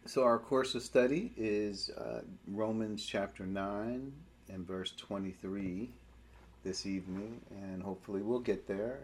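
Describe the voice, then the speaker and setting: A man leading prayer and a Bible study, speaking in a halting way as he searches for words. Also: fairly low pitch, fairly even intonation, a little hiss or hum.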